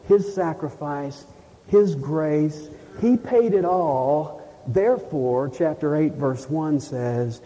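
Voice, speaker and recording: A man preaching a sermon, emphatic, slowing down to read scripture. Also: a little high, dark tone. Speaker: pastor. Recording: dull, lo-fi sound with long reverb in a hall.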